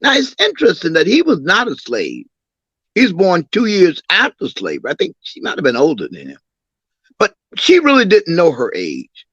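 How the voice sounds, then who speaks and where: A man's voice: a little high, normal speed, slightly rough, no room sound, highs cut off. Older man telling family stories with animation. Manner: animated storyteller, acts out quoted voices. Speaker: imam and city councilman, interview guest. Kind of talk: recounting family memories in an interview.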